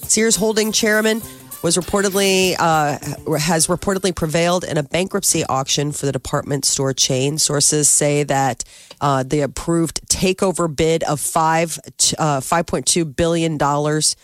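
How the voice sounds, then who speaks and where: A woman's voice: deep voice, steady tone, a little slow, no echo, clean studio sound, soft background music. A woman reading radio news headlines in a loose, casual way, with fillers and self-corrections. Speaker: news reader on a radio show.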